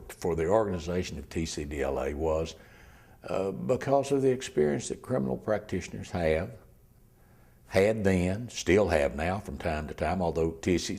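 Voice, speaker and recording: In an oral history interview, an older man recalls his life as a criminal defense lawyer; he halts, repeats words, and tends to trail off close to a whisper. His low-sitting voice is gravelly, husky, and darkish in tone.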